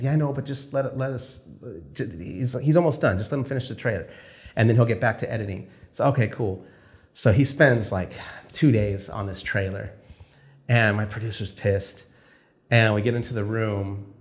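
A male film director telling a story casually, acting out the conversations he quotes. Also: lowish voice. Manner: animated, acts out dialogue in quick quoted exchanges.

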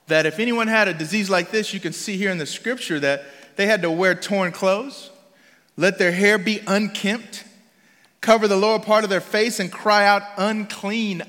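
A man's voice: high-pitched, fairly bright tone, in a large hall. A man preaching a sermon as pastor in a conversational, emphatic way, often restarting his phrases.

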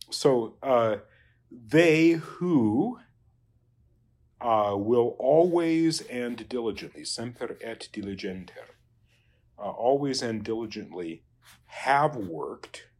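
Slow husky guy going thru latin sentences, kinda halting, drops off quiet at the ends. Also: medium pitch, expressive. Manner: halting, many fillers and restarts, trails off quietly. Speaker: Latin teacher. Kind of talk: working through Latin exercises.

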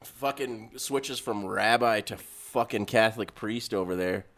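Guy roasting his buddy, crude n loud, bright sharp tone. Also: fairly low pitch, unhurried. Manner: crude, mocking. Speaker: podcast co-host. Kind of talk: rowdy casual chat among friends.

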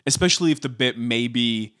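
A man co-hosts a podcast, recapping a reality show in casual conversation full of hedging likes and ums. His mid-range voice is fairly bright and his pace is brisk.

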